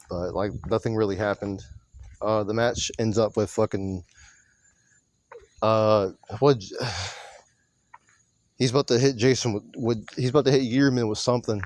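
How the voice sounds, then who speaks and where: A man's voice: lowish voice, darkish tone, a little hiss or hum. A man recapping a wrestling show in a loose, rambling monologue, swearing casually and often correcting himself. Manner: rambling, profane, self-correcting.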